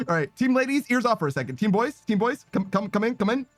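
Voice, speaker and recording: A young man with a high, bouncy voice talks casually to his stream audience, reacting loudly and swearing freely. He is close to the mic with no room sound, and soft music plays behind him. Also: quick pace, no room sound. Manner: animated, swearing, breaks into laughter. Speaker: streamer reading chat. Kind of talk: casual live-stream chat.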